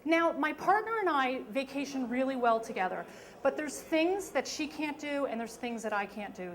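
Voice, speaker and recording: A woman from New York telling a personal story at a live story slam in a lively, self-mocking, emphatic way. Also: a little high. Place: stage at a live storytelling event.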